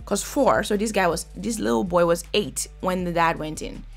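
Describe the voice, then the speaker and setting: A woman talks through a reality TV episode in a casual, outspoken way, scolding the people on screen. Her voice has a gravelly, fried edge, and faint music plays quietly underneath. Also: lowish voice, moderate pace. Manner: chatty, blunt, scolding. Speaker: reality TV reviewer. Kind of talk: casual reaction commentary.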